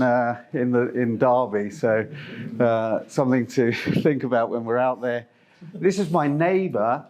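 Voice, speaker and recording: A man's voice: a little high, a little mellow. Rambling middle-aged man giving a talk. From Zimbabwe. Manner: chatty and meandering, with many fillers and restarts. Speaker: company presenter. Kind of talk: conference presentation.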